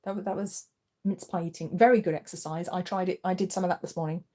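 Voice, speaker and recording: A woman's voice: fairly low pitch, steady tone, fast talker, mellow. A woman hosting a live tarot reading, chatty and reassuring, encouraging listeners in a casual spoken style. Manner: coos to her cat in a playful voice. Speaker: tarot reader and channel host.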